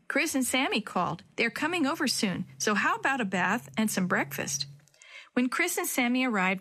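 A woman narrating a children's chapter book, acting the children's lines in a higher voice. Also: a bit bright. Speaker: children's storyteller. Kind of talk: scripted story narration.

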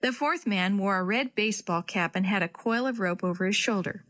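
Expressive woman reading to children. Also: mid-range voice, brisk. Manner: warm, friendly and expressive. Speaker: children's story reader. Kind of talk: storybook read-aloud.

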